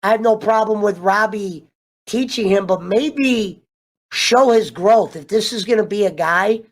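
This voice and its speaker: A man casually ranting through a TV show review, animated and profane, wandering off on tangents. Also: high-pitched, normal speed. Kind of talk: casual rambling rant.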